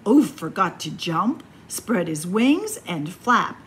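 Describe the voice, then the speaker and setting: A woman voicing a chatty male rabbit who eagerly reports what happened, in a slightly lower voice. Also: sing-song, takes it slowly. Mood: reporting.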